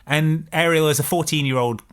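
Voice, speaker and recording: A man co-hosting a podcast, recapping a film's plot with wry, deadpan asides. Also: a little high, a little fast. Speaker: podcast co-host. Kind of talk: casual chat recapping a film.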